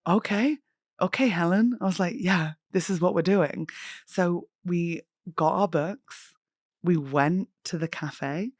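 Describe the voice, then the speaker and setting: A young woman hosting a podcast, telling stories in a giggly, animated way and swearing casually. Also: lowish voice, slow, no room sound, clean studio sound. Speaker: podcast host and comedian. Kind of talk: casual chat.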